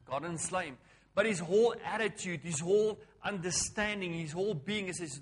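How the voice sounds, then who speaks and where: Brief: male pastor, slightly high voice, emphatic call-and-response sermon delivery. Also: measured pace, husky. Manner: emphatic preaching, swinging between loud calls and hushed lines; repetitive, call-and-response phrasing.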